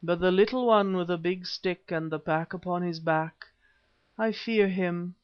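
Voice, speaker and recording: A man reading an audiobook, voicing an ancient, half-human male wizard-priest who speaks in a slow, rumbling, threatening way. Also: clean tone. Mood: menacing. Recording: dull lo-fi recording.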